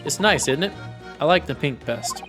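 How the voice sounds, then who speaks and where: A man's voice: a little high, expressive, normal speed, a bit bright. A man reading the lines of a cocky young female pickpocket from a video game in his own plain voice, without putting on an accent. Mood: proud. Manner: read aloud in his own voice, no accent attempted. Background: faint game music.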